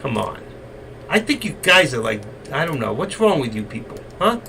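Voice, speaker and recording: A man hosting a live trading stream, coaxing and teasing his viewers and now and then breaking into loud shouts. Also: mid-range voice, sing-song, normal speed, creaky. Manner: coaxing, teasing and exasperated with the chat. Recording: distant mic, faint room noise.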